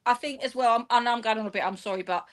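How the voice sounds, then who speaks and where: A woman, telling an animated, rambling story in an interview and acting out the dialogue. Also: a little high, very fast. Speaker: guest, football fan and teacher.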